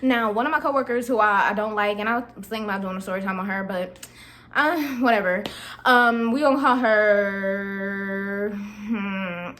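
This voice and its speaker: A woman's voice: mid-range voice, fairly even intonation, unhurried, a bit bright, a little hiss or hum. A young woman vlogger telling a casual storytime, chatty and slangy, talking straight to her viewers.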